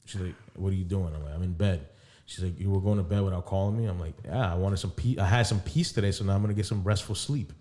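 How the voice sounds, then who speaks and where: A young man with a low, mellow voice recounts a personal drama to his co-host on a podcast. He tells it casually and keeps acting out both sides of the conversation. He swears freely and laughs as he goes. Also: quick pace. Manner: animated storyteller, quotes conversations, frequent laughs and profanity. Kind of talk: casual storytelling chat.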